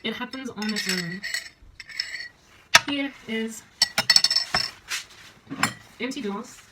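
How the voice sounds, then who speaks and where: A woman's voice: on the high side, very slow, heavy background noise. A playful, chatty woman with a South African accent, vlogging a casual demonstration in her home kitchen and breaking into sing-song asides. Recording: loud clinking dishes and cutlery behind. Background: clattering dishes, pots and cutlery.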